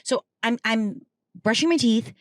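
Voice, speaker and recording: A woman guest in a casual chat in a car, a chatty and lively storyteller who is quick to laugh. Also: a little high, no room sound, clean studio sound. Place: inside a car.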